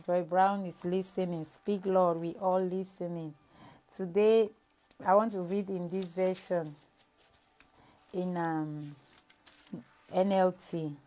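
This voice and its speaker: A woman's voice: fairly low pitch, steady tone, slow, pauses often, warm tone. A young adult woman evangelist giving a devotional sermon, reading scripture and sharing an earnest personal testimony with many restarts.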